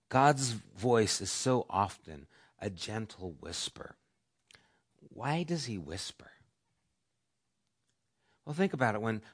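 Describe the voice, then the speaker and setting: A middle-aged man preaching a sermon as pastor, who swings between loud, emphatic lines and soft whispers. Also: on the low side. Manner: varies volume, dropping to soft whispers for emphasis.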